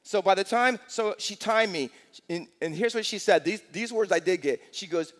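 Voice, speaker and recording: A man in his sixties, a pastor preaching a lively sermon in a church, telling stories and asking the congregation rhetorical questions. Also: high voice, moderate pace. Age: 60s. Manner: energetic storytelling with rhetorical questions. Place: church sanctuary. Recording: long church hall reverb.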